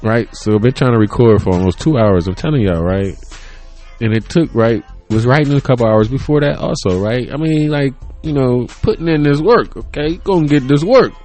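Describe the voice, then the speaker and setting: A man's voice: mid-range voice, moderate pace, dark tone, soft background music. A man in his thirties hosting his own podcast, rambling casually, laughing often and swearing freely. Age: 30s. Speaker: podcast host. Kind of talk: casual solo chat. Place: home room.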